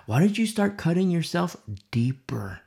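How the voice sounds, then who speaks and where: A man's voice: on the high side, big pitch swings, normal speed, vocal fry, warm tone, voice pushed up. A man whispering as a coaxing demon. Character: whispering demon tempting the hurting. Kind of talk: preaching with acted quotes.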